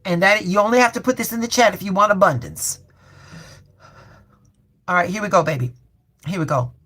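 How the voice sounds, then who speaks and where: A woman hosting a live-stream tarot reading, folksy and colloquial, calling her viewers baby and y'all and repeating affirmations slowly. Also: mid-range voice, fairly bright tone, slightly rough.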